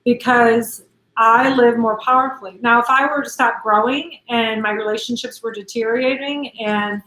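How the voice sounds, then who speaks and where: A woman's voice: on the high side, steady tone, normal speed, a bit bright, reverberant, low-quality recording. A woman in her forties, co-host of an event, talking casually and emotionally, laughing often. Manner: emotional, laughs often, talks of crying easily. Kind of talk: casual conversation, live stream.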